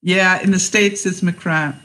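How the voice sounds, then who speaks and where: A woman's voice: lowish voice, fairly even intonation, a little slow, sharp tone, rough recording. A woman hosting a casual livestream, chatting in a rambling way, laughing often and reading out viewer comments.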